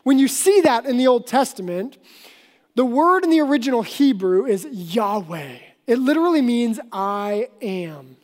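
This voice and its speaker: A woman pastor preaching a sermon, explaining earnestly and slowing down for emphasis. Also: a little high, sing-song, a little mellow. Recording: long hall reverb.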